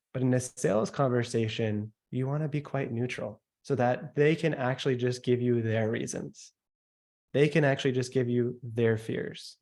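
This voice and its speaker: Man, sales coach, workshop teaching, emphatic, deliberate pauses, mid pitch. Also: darkish tone. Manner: emphatic, slows down and drops pitch to stress points, mimics listener noises.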